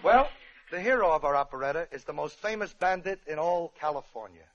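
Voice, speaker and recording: High-voiced man telling a comic tale. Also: a little fast, very noisy. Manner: wry, deadpan asides. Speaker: comedian host. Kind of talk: comic storytelling monologue. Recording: muffled old radio broadcast with band music.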